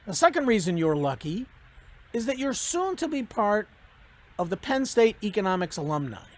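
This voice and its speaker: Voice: medium pitch, big pitch swings, normal speed. A professor giving a commencement speech, telling jokes and giving advice in a storytelling manner.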